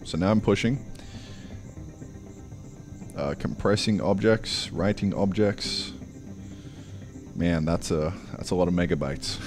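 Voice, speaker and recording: Deep creaky-voiced man streaming. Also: takes it slowly, pauses often, darkish tone, faint music behind. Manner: mumbling, thinking aloud with fillers. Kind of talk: casual live-stream chat while programming.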